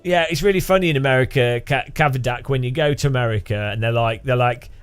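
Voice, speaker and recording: A man's voice: medium pitch, fast talker, smooth, faint music behind. A British man streaming a game live, chatting casually in a rambling, jokey way with frequent restarts. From Britain. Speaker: gaming streamer. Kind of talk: casual live gaming chat.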